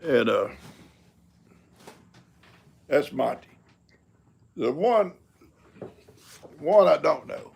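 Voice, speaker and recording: Older guy, real gravelly husky voice, just rambling on a live stream about his critters. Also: fairly high pitch, sing-song, drawn-out words, long pauses, a little mellow. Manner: folksy, rambling and chuckling, talks to his cats. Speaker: livestream host. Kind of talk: casual live-stream chat.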